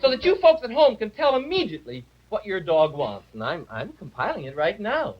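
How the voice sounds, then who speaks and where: A man's voice: high voice, huge pitch swings, a little fast, heavily acted. A man voicing a good-natured, boastful male dragon puppet in a 1950s live TV puppet comedy, talking in chuckling salesman patter. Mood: chatty salesman. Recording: dull lo-fi 1950s TV audio.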